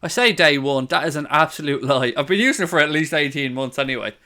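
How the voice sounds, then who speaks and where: A man's voice: on the high side, fast talker, pushed and bright. An Irish man hosting a casual live football stream from his living room, joking, swearing and reading out viewer comments on a studio mic. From Ireland. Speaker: football channel host. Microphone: studio condenser mic on a stand.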